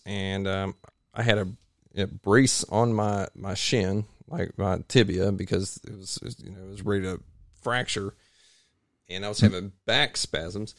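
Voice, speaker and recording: A man with a low, gravelly voice tells a rambling, animated story, often stopping to restart his sentences. He is recorded dry and close in a home garage. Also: no echo. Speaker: podcast guest, triathlete. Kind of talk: casual storytelling interview.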